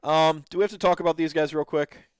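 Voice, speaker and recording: Talking fast in a fairly high, steady voice, this man hosts a podcast where he gives casual commentary on videos. He's enthusiastic and rambling, leaning on plenty of fillers, and the sound is clean with no echo.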